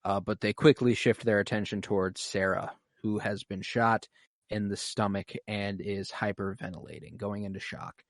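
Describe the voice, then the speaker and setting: A man's voice: lowish voice, moderate pace, no room sound, clean studio sound. A man co-hosting a podcast, recapping a TV episode in casual chat and swearing often as he acts out scenes. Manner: animated, swears a lot, acts out scenes emotionally. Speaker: podcast co-host.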